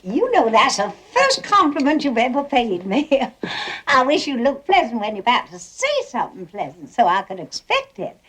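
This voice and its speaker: A woman's voice: fairly high pitch, very animated, moderate pace, fairly bright tone, slightly rough, full character voice. An actress playing a faded Southern belle mother with a Southern American accent, who chatters genteelly with little laughs. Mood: gushing.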